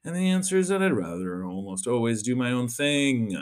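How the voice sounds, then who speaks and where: A man's voice: mid-range voice, lively intonation, brisk. A man hosting a podcast and talking in a rambling, chatty monologue, often swearing. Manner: rambling, chatty and profane, with frequent fillers. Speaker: podcast host. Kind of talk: casual solo monologue.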